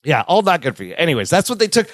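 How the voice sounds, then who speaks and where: A man's voice: fairly high pitch, racing, dry recording, clean studio sound. A man co-hosting a podcast, chatting casually and acting out scenes from a sitcom episode. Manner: animated, acts out quotes from the episode. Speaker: podcast co-host. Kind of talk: casual chat recapping a sitcom.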